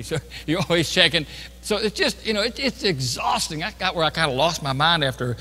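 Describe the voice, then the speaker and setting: A man's voice: on the high side, bright, forceful tone. A middle-aged man, a pastor telling a self-mocking story in a sermon, chatty and full of restarts. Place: church sanctuary. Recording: reverberant church hall.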